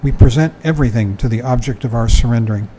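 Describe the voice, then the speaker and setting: A man's voice: medium pitch, fast, warm tone, slight background noise, low-quality recording. An older man giving a dharma talk, reading from a book and commenting in a conversational way, often chuckling and saying "you know".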